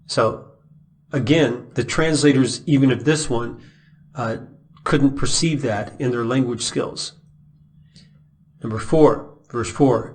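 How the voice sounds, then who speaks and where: A man's voice: medium pitch, slow, long pauses. A man teaching the Bible verse by verse, reading passages aloud and then explaining them with questions to the listener.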